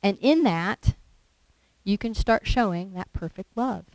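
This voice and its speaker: A woman preaching in a chatty, everyday way, throwing rhetorical questions at her listeners. Her voice sits at an ordinary middle pitch. The sound is dry and close, with no room echo. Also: measured pace, darkish tone. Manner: conversational, with rhetorical questions and acted quotes. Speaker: lay preacher. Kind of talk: sermon.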